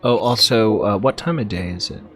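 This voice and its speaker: A man playing a character in a tabletop game, speaking in a measured, deliberate way. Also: lowish voice, a bit bright, faint music behind. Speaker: player. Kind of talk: in-character tabletop role-play.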